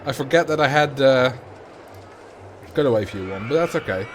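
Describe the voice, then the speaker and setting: A man's voice: medium pitch, lively intonation, normal speed, over music. A man with a Dutch accent, chatting casually on a livestream while he builds in a game and answers viewers. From Netherlands. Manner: chatty, answers chat questions while playing. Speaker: streamer.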